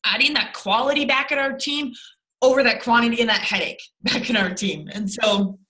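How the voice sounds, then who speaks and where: A woman's voice: a little high, moderate pace, sharp tone, rough recording. A young woman leading her sales team over a video call, blunt and rambling, with lots of swearing and fillers.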